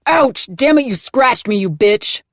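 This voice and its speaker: A woman voicing an angry, hot-tempered man who shouts indignant outbursts in an audiobook. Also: medium pitch, moderate pace, dry recording, clean studio sound, natural voice.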